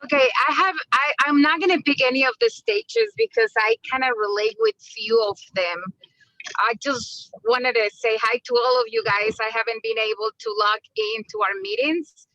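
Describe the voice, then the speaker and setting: A woman's voice: on the high side, normal speed, sharp tone, dry recording. A woman joining a video call from her car and greeting the group in a friendly, affectionate way. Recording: dull, dry lo-fi call audio.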